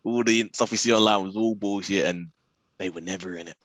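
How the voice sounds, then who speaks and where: A man banters on a podcast in a lowish voice, throwing in quick repeated replies. He talks casually and with conviction. The recording is dry and close to the mic. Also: fairly bright tone, dry recording. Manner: quick interjections, emphatic repeats. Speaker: podcast co-host. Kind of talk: casual chat.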